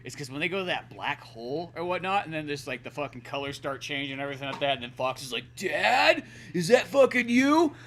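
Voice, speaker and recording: A man co-hosting a casual podcast, talking in an animated way, swearing often and slipping into goofy voices. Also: mid-range voice, quick pace, hardly any pauses, a little hiss or hum. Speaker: podcast co-host.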